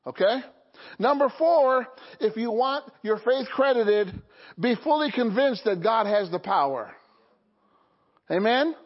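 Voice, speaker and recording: Frequent calls of "Okay?" and "Amen?" mark this call-and-response sermon from a pastor to his congregation. His very high voice has lively intonation and a measured pace, and the recording is dull and lo-fi.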